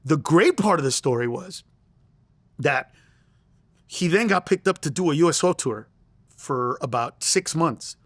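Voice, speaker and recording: Middle-aged comedian guy telling stories, high voice, dry close sound, swears a lot and trips over his words. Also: lively intonation, unhurried, long pauses, fairly bright tone, dry recording. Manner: emphatic, profane, stammering restarts. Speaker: comedian guest. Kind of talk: animated interview storytelling.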